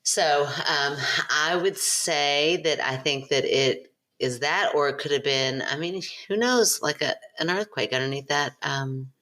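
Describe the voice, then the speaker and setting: A woman co-hosting a podcast, teasing and skeptical, quick to debunk. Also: low-pitched, a bit bright. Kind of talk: casual chat.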